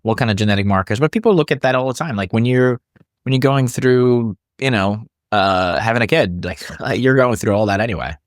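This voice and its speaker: A man's voice: medium pitch, brisk, no echo, clean studio sound. A man co-hosting a podcast, talking loosely and ramblingly with lots of fillers. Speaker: podcast co-host. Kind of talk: casual podcast chat.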